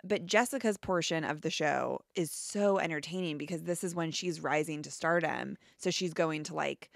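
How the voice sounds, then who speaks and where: A young woman co-hosting a podcast in casual chat, talking in quick asides full of "like". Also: low voice, creaky, no room sound, studio quality. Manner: chatty, quick asides with filler "like". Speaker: podcast co-host.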